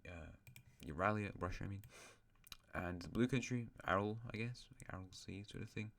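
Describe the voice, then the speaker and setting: A man's voice: deep voice, moderate pace, vocal fry, a bit bright. A male host casually narrating an alternate-history map, rambling with asides and correcting himself.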